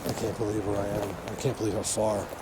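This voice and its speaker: Low-voiced male vlogger, keyed-up, stammering outdoor commentary over clear background noise. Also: fast. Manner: excited, rambling, stumbles and repeats words. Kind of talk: walking vlog commentary. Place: outdoors in wild country. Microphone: handheld camera mic.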